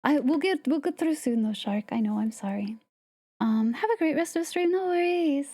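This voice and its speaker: A woman streaming a game live, chatting playfully with viewers and slipping into soft whispered asides. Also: high-pitched, animated, normal speed. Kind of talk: casual live-stream chat. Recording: game music playing behind the voice.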